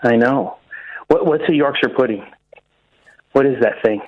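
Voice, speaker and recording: A man's voice: medium pitch, a little slow. A male caller to a radio show, pleading and insistent in a fake American accent, heard over a dull phone line.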